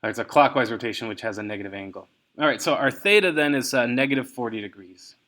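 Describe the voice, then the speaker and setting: A man lectures on engineering mechanics, explaining a worked example out loud. His mid-range voice moves along with many ums and restarts, correcting himself as he goes. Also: medium pitch, lively intonation. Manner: halting, many fillers and self-corrections. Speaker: engineering instructor. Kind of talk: recorded lecture walkthrough.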